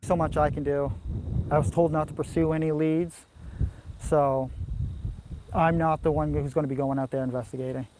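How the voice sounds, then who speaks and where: A man answering news interview questions in a plain, halting way. His voice sits fairly high. He is recorded outdoors, with crickets and rural ambience clearly audible behind him. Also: little pitch movement, background noise. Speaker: stepfather interviewed about missing children.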